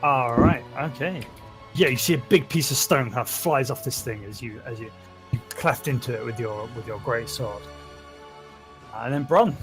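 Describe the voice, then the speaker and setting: A man at a mid pitch runs a tabletop game, narrating in an easygoing way with frequent fillers and restarts. Faint music plays underneath his voice. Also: moderate pace. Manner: easygoing, laughing often, filler-heavy. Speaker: dungeon master.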